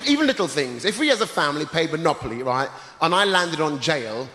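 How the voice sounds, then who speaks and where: A man hosting a live stand-up show, with a punchy, theatrical delivery and shouted greetings to the crowd. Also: a little high, sing-song, fairly quick. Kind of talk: stand-up comedy set. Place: large theatre stage before a live audience. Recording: roomy theatre reverb, loud audience noise.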